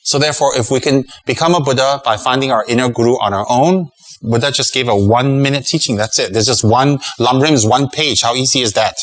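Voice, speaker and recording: Middle-aged buddhist teacher guy giving a dharma talk, punchy rhetorical questions, laughs at his own jokes, normal pitch. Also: a little fast, poor audio.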